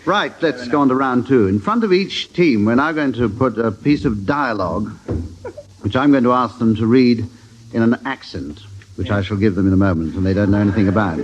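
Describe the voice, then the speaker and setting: A man's voice: mid-range voice, fairly quick, lo-fi sound, slight background noise. An English man chairing a comic radio panel game in a dry, hesitant, chuckling way. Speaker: quiz show chairman. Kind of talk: comic panel show hosting.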